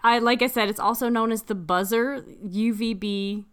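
A woman's voice: on the high side, moderate pace, fairly bright tone, clear, resonant tone. A woman co-hosting a podcast in casual chat, reading out research notes, playful and laughing often. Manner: laughs often, playful, does silly voices. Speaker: podcast co-host.

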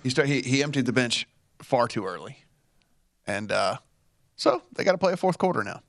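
A man with an average-pitched voice co-hosts a casual sports betting chat. He speaks haltingly with many restarts, and the recording is dry and close. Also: very animated, no room sound. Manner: halting, full of fillers and restarts. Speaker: sports betting show co-host.

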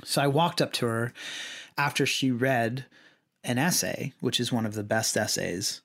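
Man telling a story with halting restarts. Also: medium pitch, vocal fry, a bit bright. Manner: halting, with frequent restarts and trailing asides. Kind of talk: casual conversational storytelling.

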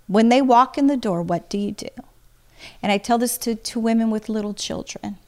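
A woman's voice: fairly high pitch, moderate pace, mellow. A middle-aged woman, giving earnest, heartfelt advice as an interview guest. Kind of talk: casual conversation.

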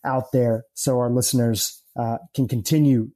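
A man's voice: mid-range voice, steady tone, moderate pace, warm tone. A male podcast host who asks questions in a reflective, thoughtful way. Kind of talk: conversational interview.

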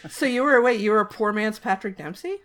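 Female podcast co-host, dry teasing humor, quick quips. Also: medium pitch, fairly bright tone. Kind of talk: casual comedic chat.

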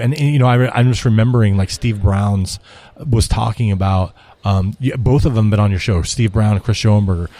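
A man's voice: fairly low pitch, quick pace, mellow. A man who runs a restaurant tech company, talking in a casual interview, rambling and repeating himself, often tagging "right?".

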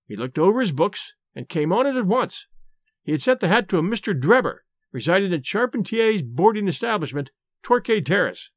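A man's voice: high-pitched, very animated, fairly quick, no room sound, exaggerated voice. A man reading an audiobook, voicing a self-satisfied detective telling his story with animation. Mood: pleased. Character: boastful police detective, eager man.

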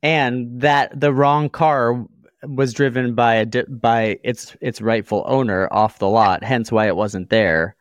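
A man's voice: mid-range voice, steady tone, measured pace, no room sound, studio quality. Wry man podcast co-host. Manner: wry, dramatic storyteller acting out phone calls. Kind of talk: casual chat and show outro.

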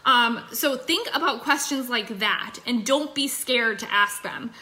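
Bright, upbeat young woman coaching. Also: fairly high pitch, measured pace. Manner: chatty, lots of fillers, upbeat. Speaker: sales coach. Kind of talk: casual livestream coaching talk. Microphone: phone.

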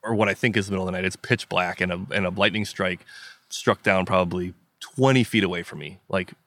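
Deep-voiced and brisk, this man from the American Midwest tells a story as a podcast guest, keeping his intonation fairly even while adding vivid, emphatic detail and dramatized inner quotes. His tone is slightly bright, with no room sound.

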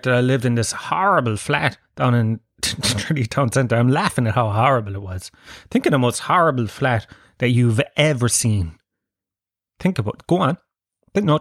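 A man's voice: mid-range voice, a bit bright, dry recording, studio quality. An Irish man hosting a podcast, telling self-mocking comic stories with plenty of swearing. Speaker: podcast host. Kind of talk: solo comic storytelling.

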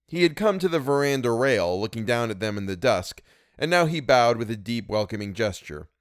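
A man narrating a novel in an expressive, measured way. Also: medium pitch, clean tone, dry recording, clean studio sound. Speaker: audiobook reader. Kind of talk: scripted narration.

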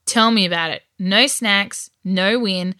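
A woman's voice: mid-range voice, a little slow, pushed and bright, smooth, no room sound, studio quality. A woman voicing a grumpy young boy who loves fishing, defensive and grumbling. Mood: grudging.

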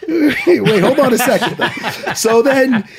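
A man's voice: extremely high pitch, expressive, very slow, creaky, a crowd in the background. A man hosting a podcast, telling a story animatedly, swearing often and laughing his way through it.

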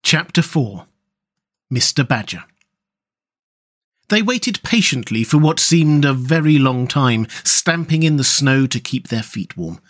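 A male storyteller reading a classic tale aloud, at an average pitch for a man. His delivery is measured and gentle, settling into descriptive passages. He frames the story as the show's host. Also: very animated. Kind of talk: scripted narration of a classic story.

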